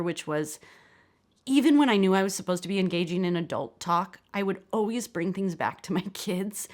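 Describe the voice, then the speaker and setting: American woman, filmmaker lecture, candid, self-deprecating, lowish voice. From United States. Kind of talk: lecture, reading from her screenplay.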